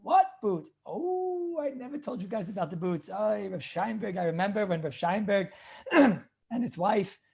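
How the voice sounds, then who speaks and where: A rabbi lectures informally on Jewish law at a measured pace, his voice sitting high. He relates anecdotes in an animated way, often repeating himself and clearing his throat.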